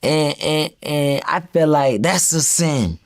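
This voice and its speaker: Slow, slangy young-sounding male guest. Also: on the high side. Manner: laid-back, slangy, unhurried. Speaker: guest, rapper. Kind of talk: casual interview chat.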